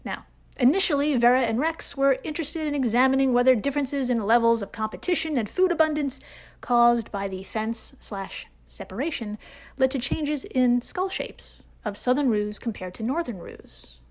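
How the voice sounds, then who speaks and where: A woman's voice: on the high side, normal speed. A woman hosting a comedic science podcast, talking in a playful, jokey way with swooping emphasis. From United States. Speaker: podcast host.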